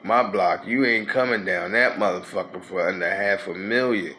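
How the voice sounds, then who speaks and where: A man's voice: low voice, moderate pace, sharp tone, a little hiss or hum. A man, telling a rambling, profane street story in a casual way. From North Philadelphia. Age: 50s.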